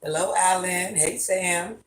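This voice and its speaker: A woman's voice: fairly low pitch, fairly even intonation, slow pace. A woman in her fifties hosting a livestream from home, reading her viewers' comments aloud and answering each one in an easygoing way. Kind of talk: casual live-stream chat.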